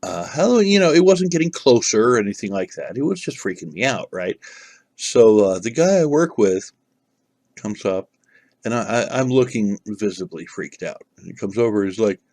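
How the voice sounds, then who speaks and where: Rambling low-voiced man telling a story. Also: big pitch swings, normal speed, a little mellow, no echo. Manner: rambling, with many fillers and restarts. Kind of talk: casual storytelling to camera.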